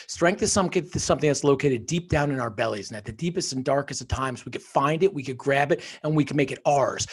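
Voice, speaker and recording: Husky motivational storyteller, New Jersey man. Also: mid-range voice. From northern New Jersey, USA. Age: middle-aged. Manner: animated storyteller, emphatic motivational delivery. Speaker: podcast guest, author and financial wholesaler. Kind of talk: casual storytelling interview.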